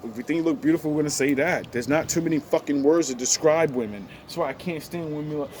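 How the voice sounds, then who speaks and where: Male vlogger, slightly high voice, a confrontational street rant full of profanity, with loud vehicle noise around him. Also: fast talker, few pauses. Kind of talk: casual rant to camera.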